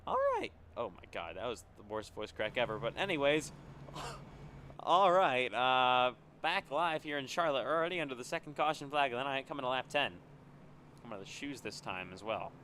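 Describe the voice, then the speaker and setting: A young man calling live play-by-play for an online racing series, excitable and exclaiming at crashes. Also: medium pitch, normal speed. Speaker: race commentator. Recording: loud racing game engine noise behind.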